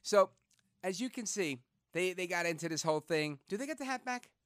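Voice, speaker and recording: A man hosting a talk radio show, speaking in an animated, conversational way. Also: sits high, brisk, no room sound, studio quality. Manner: animated, conversational, outraged then reflective. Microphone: studio microphone.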